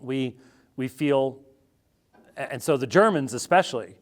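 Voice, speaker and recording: Casting: American male theologian guest, wry, animated talker, mid pitch. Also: unhurried. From United States. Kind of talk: conversational interview answer.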